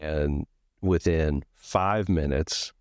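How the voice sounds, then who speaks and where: Podcast host, male, rumbling bass voice, dry close mic, casual storyteller who acts out the dialogue. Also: very slow, no echo. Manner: candid and profane, acts out both sides of a story.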